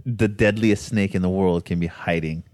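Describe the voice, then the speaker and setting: Deep dude hyping up gear and hunts, relaxed and sweary, dry sound. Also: male voice, moderate pace, no room sound. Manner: laid-back, profane, enthusiastic. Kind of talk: casual podcast chat.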